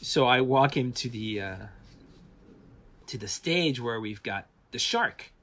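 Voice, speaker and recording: A man's voice: medium pitch, takes it slowly. A man from France, a visual effects artist, telling stories in a casual interview with many restarts and acted-out quotes. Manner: animated storyteller, acts out quoted voices, many restarts.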